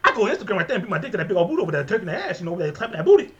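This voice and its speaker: A man's voice: sits high, sing-song, racing, fairly bright tone, lo-fi sound, voice pushed up. A man putting on a crude, rowdy Louisiana-accented man ranting with lots of repetition.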